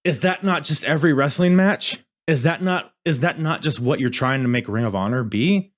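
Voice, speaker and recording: A man's voice: on the high side, normal speed, a little hiss or hum. A man hosting a podcast in casual review chat, rambling and swearing, often cutting himself off mid-sentence. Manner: rambling, profane, self-interrupting. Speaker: podcast host.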